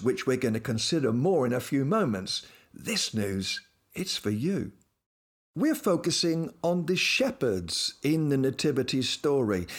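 A man's voice: mid-range voice, breathy edge. A man hosting a devotional talk, mixing playful storytelling and humor into his message. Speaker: host and Christian speaker.

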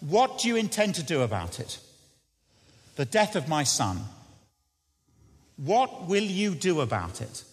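A man preaches an earnest sermon, talking like he's chatting with the crowd. His voice is fairly high and swings widely in pitch. It rings out with a long reverb, as in a large hall. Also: very animated, slightly rough. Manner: earnest, conversational, dropping low and slow for prayer. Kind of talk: evangelistic sermon.

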